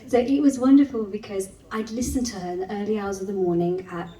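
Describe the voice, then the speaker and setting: A woman from Wolverhampton, England, performing spoken word poetry and chatting with a live audience. She gives the poems a slow, rhythmic delivery and talks chattily between poems. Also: medium pitch, steady tone, warm tone. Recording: echoey room, mic picked up from some distance. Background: faint live music.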